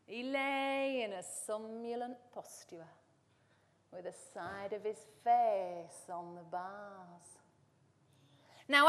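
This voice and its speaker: A woman voicing an old northern nana, reciting a comic poem slowly and dramatically in a put-on Wigan accent. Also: high voice, fairly bright tone, in a large hall, full character voice. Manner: slow, sing-song dramatic recitation.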